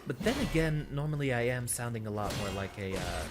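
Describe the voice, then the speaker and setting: A man from Texas streaming a video game in a put-on teacher persona voice, thinking aloud in relaxed, chatty commentary. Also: mid-range voice, a little fast. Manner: performs a put-on teacher persona voice rather than his real one. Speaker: VTuber streamer. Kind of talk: casual gameplay commentary. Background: game music.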